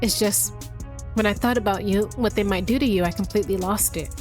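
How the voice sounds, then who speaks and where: A woman voicing a brooding young man in a game, speaking low and hushed as he pleads. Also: brisk, soft background music, lightly acted. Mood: remorseful.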